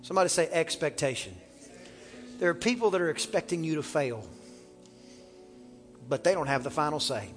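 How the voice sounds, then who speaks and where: Fervent high-voiced preacher in a reverberant church. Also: male voice, animated, moderate pace, pauses often, faint music behind. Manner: fervent preaching, rising to shouts, calls for congregation responses. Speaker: pastor. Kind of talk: sermon. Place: church sanctuary.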